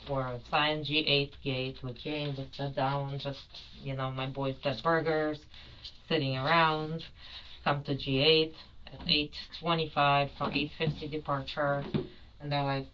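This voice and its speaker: A woman's voice: low-pitched, level tone, unhurried, fairly bright tone, highs cut off, slight background noise. A woman giving a rambling, apologetic account in a police interview, full of fillers. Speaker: detained airline passenger.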